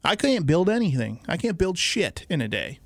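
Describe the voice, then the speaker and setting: A man's voice: on the high side, sing-song, normal speed, no echo. A young man co-hosting a casual podcast, arguing bluntly and teasing his partner. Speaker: podcast co-host. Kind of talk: casual debate chat.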